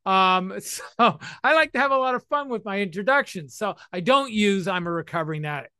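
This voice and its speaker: Bright, high-voiced man in his sixties. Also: lively intonation, brisk, smooth, no room sound, clean studio sound. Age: 60s. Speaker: recovery speaker. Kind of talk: talk to listeners on recovery.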